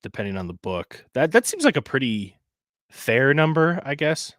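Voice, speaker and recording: A man's voice: medium pitch, normal speed, no echo, studio quality. Easygoing man talking sports bets. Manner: relaxed, hesitant, thinks aloud with restarts. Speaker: sports betting podcast co-host. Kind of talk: casual chat.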